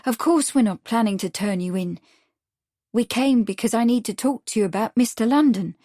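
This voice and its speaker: A woman voicing an earnest, easily upset young Victorian woman who speaks high and breathless. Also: normal speed, mellow, dry recording, clean studio sound, close to an everyday voice. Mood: distressed.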